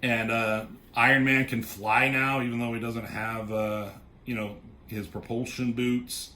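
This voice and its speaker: A man casually recapping a comic book, swearing freely and popping into quick voices for the characters. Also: medium pitch, flat delivery, pushed and bright. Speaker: comic reviewer.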